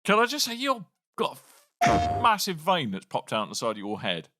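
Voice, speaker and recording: A man's voice: a little high, huge pitch swings, moderate pace, background noise. A man co-hosting a gaming podcast, joking and sarcastic in casual banter. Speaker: podcast co-host. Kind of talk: casual chat.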